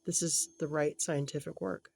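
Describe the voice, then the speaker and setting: Gentle halting tarot reader. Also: medium pitch, steady tone, vocal fry, breathy edge. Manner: thinks aloud, halting and self-correcting; gentle, empathetic, drops to a soft murmur at times. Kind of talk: casual spoken reading for an unseen client.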